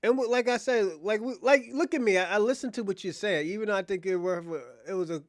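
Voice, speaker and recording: A man's voice: high voice, fast talker. A man co-hosting a livestream in casual chat, rambling and profane, often restarting his sentences.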